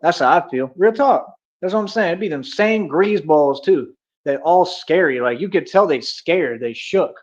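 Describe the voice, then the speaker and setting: A man's voice: a little high, animated, normal speed, lo-fi sound. A young man ranting on a livestream, boastful and confrontational, heavy with street slang. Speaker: livestream host.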